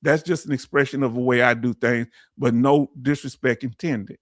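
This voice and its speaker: A man's voice: medium pitch, fairly even intonation, moderate pace, no room sound, clean studio sound. A man hosting a casual livestream, chatting loosely with his viewers and reading their comments aloud. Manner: chatty, reads chat aloud, Southern Black vernacular phrasing. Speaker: veteran livestream host.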